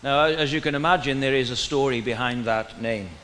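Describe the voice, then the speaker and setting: A man from Wales with a Welsh accent, preaching a sermon in a relaxed storytelling way with gentle humor. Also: mid-range voice, fairly quick, a little hiss or hum. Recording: long reverb in a large hall, faint ambience.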